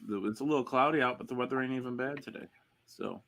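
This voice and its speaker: Laid-back hesitant man, mid-pitched. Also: quick pace, vocal fry, fairly bright tone, slight background noise. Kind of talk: casual chat.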